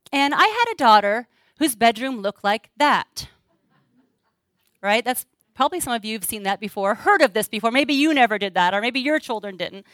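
A middle-aged woman with a medium-pitched, fairly bright voice speaks earnestly to a live audience, sharing personal stories and acting out dialogue. There's no room sound.

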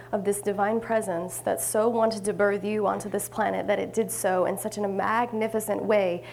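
A woman minister delivers a sermon in a warm storytelling manner. Her mid-range voice has a gravelly edge and sometimes drops to hushed asides, with a faint hiss behind it. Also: mid-range voice.

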